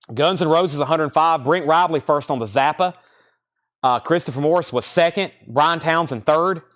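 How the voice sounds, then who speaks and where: A man's voice: mid-range voice, fairly bright tone. Male live-sale host, mid-range voice, casual patter calling out prices and bids. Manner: chatty, rattles off prices and bids. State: out of breath. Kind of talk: casual live-stream auctioneering.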